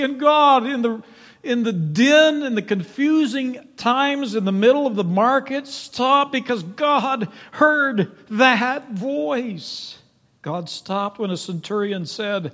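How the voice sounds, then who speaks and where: A man preaching a sermon in a high voice at an unhurried pace. He presses his points with emphasis, rising into loud pleas and then dropping to near hushes. His voice rings with the long echo of a large church sanctuary. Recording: long reverb of a large hall.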